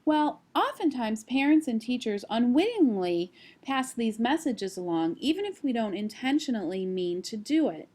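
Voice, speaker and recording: A woman's voice: a little high, moderate pace, few pauses. Woman giving a screencast lecture. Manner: steady explanatory pace with occasional fillers. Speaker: college instructor.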